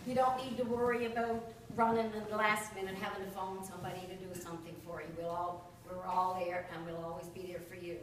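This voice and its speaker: A woman giving a heartfelt thank-you speech for a church women's group, warm and joking with laughs between lines. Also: medium pitch, level tone, moderate pace. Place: large echoey church hall. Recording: echoey hall, distant mic, background noise.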